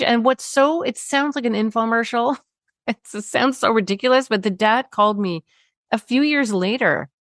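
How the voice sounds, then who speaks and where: A woman, a parenting expert telling stories in an interview, animated, acting out quotes and laughing often. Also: fairly high pitch, normal speed, no room sound, studio quality. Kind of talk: conversational storytelling interview.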